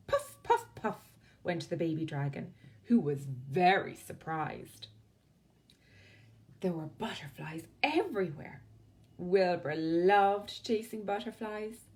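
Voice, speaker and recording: Irish woman, storytime reader, slow, very lively pitch, soft tag lines. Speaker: librarian storyteller. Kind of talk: reading a picture book aloud to children.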